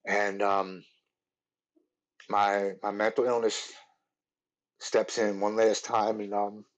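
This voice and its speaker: Halting, earnest man with low voice. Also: flat delivery, poor audio. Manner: earnest, halting, repeats words. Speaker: podcast guest. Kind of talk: personal recovery story.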